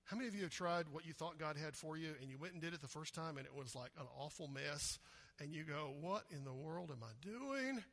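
Husky, high-voiced man preaching a sermon. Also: steady tone, fast talker, fairly bright tone. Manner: conversational, asks the congregation questions, acts out quotes. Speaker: pastor.

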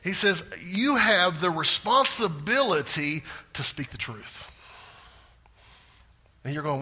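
A man preaching a sermon with big swings in pitch and loudness, sometimes dropping to a hushed voice for emphasis. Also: expressive, takes it slowly, long pauses, slightly rough. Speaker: pastor.

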